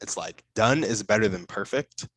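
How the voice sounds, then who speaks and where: Man, podcast host, upbeat, affirming, lowish voice, dry recording. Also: animated, moderate pace, fairly bright tone, breathy edge, no echo, rough recording. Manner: upbeat, affirming, asks long questions. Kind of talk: casual interview chat.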